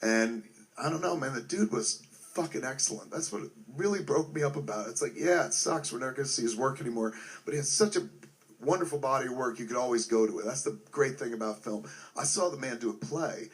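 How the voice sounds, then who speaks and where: Guy in his 40s swearing nonstop, rambly heartfelt talk about a friend, mid-pitched voice. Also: fairly quick. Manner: profane, rambling, heartfelt, heavy on fillers like "like" and "man". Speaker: filmmaker remembering a friend. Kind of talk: casual spoken tribute.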